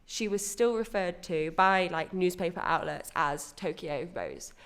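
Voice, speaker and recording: A woman's voice: on the low side, unhurried, fairly bright tone, clean tone. A woman co-hosting a podcast, chatting casually and enthusiastically about a theatre show she saw. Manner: chatty, enthusiastic, self-correcting. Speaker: podcast co-host reviewing a musical. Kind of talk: casual review chat.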